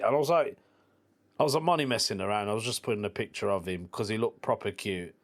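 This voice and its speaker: A man's voice: lowish voice, quick pace. Chatty man hosting a podcast. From England. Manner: chatty storyteller, laughs at his own jokes; informal slang like "proper" and "mate". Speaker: podcast host. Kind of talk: casual solo podcast chat.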